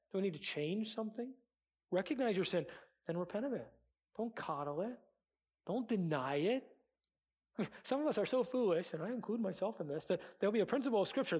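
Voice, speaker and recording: A man's voice: high-pitched, darkish tone. A man preaching a sermon as pastor, earnest, acting out quoted prayers and excuses.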